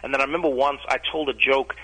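A man from Africa, a guest comedian telling an animated funny story on a radio show. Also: mid-range voice, fast, husky, rough recording. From South Africa. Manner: animated storyteller, acts out other people's reactions.

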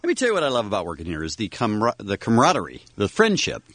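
Animated wry male radio host. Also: on the low side, racing, no room sound. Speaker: morning radio show host. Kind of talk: casual on-air banter. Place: radio studio.

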